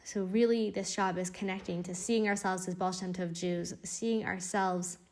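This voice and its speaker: A woman's voice: on the low side, fairly even intonation, normal speed, darkish tone. A woman teaching an inspirational Torah class in an earnest, encouraging way, often repeating phrases for emphasis.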